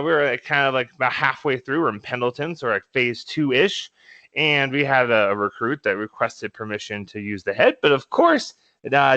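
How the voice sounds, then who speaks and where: A man's voice: medium pitch, pushed and bright, no echo, lo-fi sound. A young man co-hosting a podcast, telling stories casually with lots of fillers and laughter. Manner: laughs often, many fillers and restarts. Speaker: podcast co-host. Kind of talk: casual storytelling.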